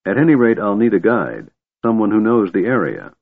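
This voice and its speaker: A man voicing a resolute half-elf leader who speaks calmly and coldly, in a tinny audiobook recording. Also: lowish voice, brisk, gravelly, heavily acted. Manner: calm and cold.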